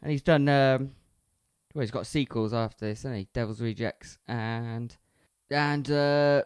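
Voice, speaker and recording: A man's voice: medium pitch, a little slow, smooth, dry recording, clean studio sound. Chatty man hosting podcast. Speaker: podcast co-host. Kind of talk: casual chat.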